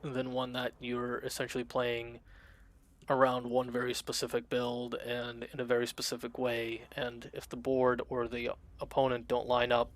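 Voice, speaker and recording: A man's voice: medium pitch, completely flat delivery, normal speed. Chatty man streaming a game. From Russian-speaking family, immigrated to America. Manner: rambling, lots of fillers, reads chat aloud. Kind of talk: casual live-stream chat while gaming.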